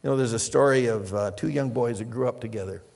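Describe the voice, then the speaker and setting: Gravelly older male preacher in a reverberant hall. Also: medium pitch, fast. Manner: storytelling, swings from loud emphasis to hushed near-whispers. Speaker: pastor. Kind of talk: sermon.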